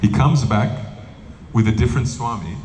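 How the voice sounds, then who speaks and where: A monk giving a humorous spiritual talk, telling stories with lively delivery and acting out quoted voices. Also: male voice, medium pitch, moderate pace. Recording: roomy hall with faint noise.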